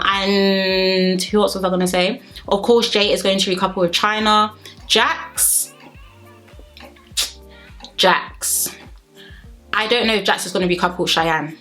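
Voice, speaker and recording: A woman's voice: mid-range voice, steady tone, moderate pace, fairly bright tone, faint music behind. A woman reviewing a reality TV episode in a casual vlog, talking straight to her viewers in a sassy, opinionated way.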